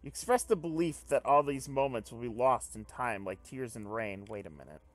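Excitable man reading a game aloud. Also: medium pitch, moderate pace. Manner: excitable, swears, jumps between reading and reacting. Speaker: let's play host. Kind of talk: reading a visual novel aloud with commentary.

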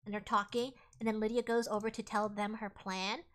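A woman's voice: mid-range voice, level tone. A woman streamer giving a chaotic comic live retelling, muttering asides as she goes. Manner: chaotic, fast, mumbling asides.

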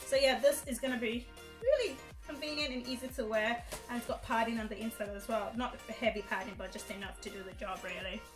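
A woman's voice: a little high, quick pace, over music, rough recording. A young woman chatting casually on camera at home, rambling and giggling through a fashion haul. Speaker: fashion vlogger. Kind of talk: casual haul video chat.

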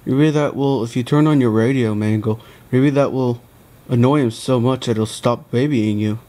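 A man's voice: mid-range voice, normal speed, warm tone, lightly acted. A man voicing a laid-back plush bear who hands out casual advice in a homemade toy skit, talking in an offhand, easygoing way.

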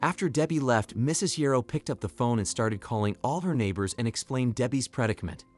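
A man giving scripted story narration in an even, clear delivery. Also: mid-range voice, fairly quick, soft background music.

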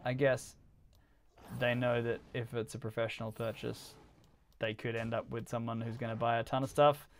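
A man talks his way through a game stream in a rambling, offhand chat and laughs often. His voice sits at a middle pitch with a gravelly, fry-touched texture. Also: little pitch movement, moderate pace, a little hiss or hum. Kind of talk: casual chat while gaming.

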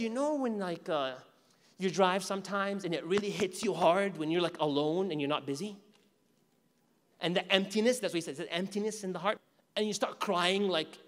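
A man with a fairly high voice teaches at a mosque in a lively lecture style. He acts out imagined speakers and keeps asking the audience questions. His voice carries a long reverb from the hall. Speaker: Islamic teacher. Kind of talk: religious lecture.

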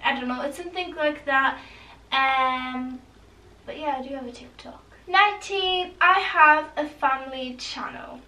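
Teen girl vlogger, high voice, rambly, recorded from a distance. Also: unhurried, sharp tone. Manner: rambling, chatty, full of "like" and "honestly". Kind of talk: casual talk to camera. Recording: echoey room, mic at a distance.

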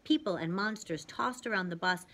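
A woman reading a novel aloud as a reader for her channel, narrating lively and dramatically, dropping at times to a soft hush. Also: mid-range voice, moderate pace.

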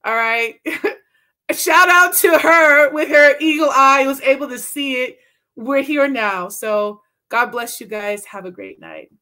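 Slangy, fervent woman preaching slowly. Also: sits high, bright, forceful tone. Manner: casual, slangy, fervent, keeps asking "right?". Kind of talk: casual video sermon.

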